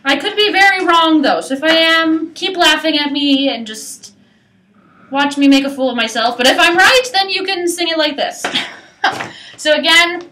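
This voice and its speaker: A woman coaching a single student through a singing lesson, her speaking voice high and very bright. She explains each point, breaks into sung demonstrations, and keeps checking in with a quick "right?". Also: a little hiss or hum. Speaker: voice teacher.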